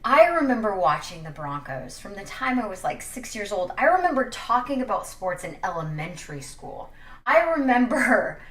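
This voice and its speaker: A woman's voice: mid-range voice, a bit bright, distant mic. A young woman from Wyoming talking sports in a casual, sassy, jokey opinion vlog. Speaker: sports commentator. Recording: echoey room, a little off-mic.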